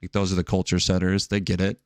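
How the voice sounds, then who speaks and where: Podcast co-host, man in his thirties, lowish voice, rambling storyteller, dry close recording. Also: monotone, quick pace, clear, resonant tone, dry recording. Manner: rambling, storytelling with acted quotes and frequent "like". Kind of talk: casual chat.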